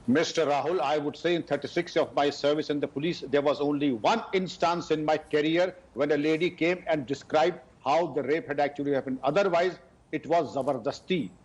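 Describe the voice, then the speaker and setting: A husky, slightly raised voice from a man in his sixties, a retired police officer who argues in a measured, deliberate way. He joins the debate over a dull, muffled remote feed. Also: a little high. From India. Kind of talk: debate commentary.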